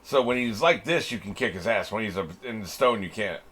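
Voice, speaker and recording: A man gives loose, casual commentary while reacting to an anime episode. His voice sits low and a little husky but has a bright, forceful edge, and his pitch swings widely. He laughs often and swears without a second thought. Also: animated, a little fast. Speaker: reaction channel host.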